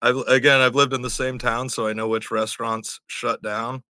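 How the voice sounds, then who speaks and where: A man with a very bright, sharp voice chats over a video call. He swears freely and laughs his way through rambling stories. His mic picks him up close and dry. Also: mid-range voice, little pitch movement, moderate pace, no echo. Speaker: stranger met on video chat. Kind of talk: casual storytelling chat. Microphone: computer mic on video call.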